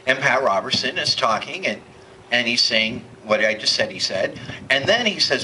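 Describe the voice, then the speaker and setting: A man's voice: mid-range voice, sing-song, moderate pace, bright, forceful tone, a little hiss or hum, poor audio. A man preaching a sermon in a church, impassioned and building to emphatic peaks. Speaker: pastor. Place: church hall.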